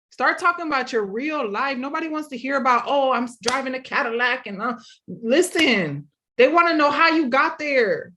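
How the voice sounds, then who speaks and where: A woman's voice: high-pitched, a bit bright. A woman hosting a casual motivational talk, earnestly encouraging listeners directly. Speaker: podcast host.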